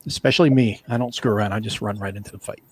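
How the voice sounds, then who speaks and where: A man's voice: lowish voice, fairly even intonation, very fast, slight background noise. A man casually chatting and cracking jokes while he plays a board wargame. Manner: joking and wisecracking. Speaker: board game player, co-host. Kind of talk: casual chat over a wargame.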